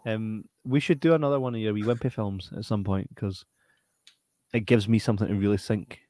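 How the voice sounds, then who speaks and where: A man's voice: lowish voice, fairly even intonation, brisk, warm tone, no room sound. A young Scottish man hosting a podcast in casual chat, swearing and laughing often. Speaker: podcast host.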